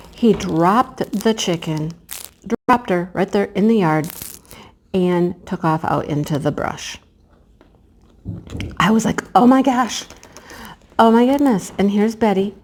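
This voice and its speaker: A woman telling a story to her viewers in a casual, animated way, talking straight to them as you guys. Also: on the low side. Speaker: craft vlogger.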